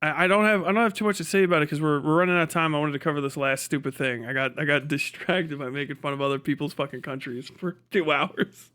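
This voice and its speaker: Cincinnati-raised male streamer, loose profane chatter, a touch higher than average. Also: fast talker, few pauses, bright, forceful tone. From Cincinnati, USA. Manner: profane, rambling, laughs through riffs on accents. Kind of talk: casual live-stream chat.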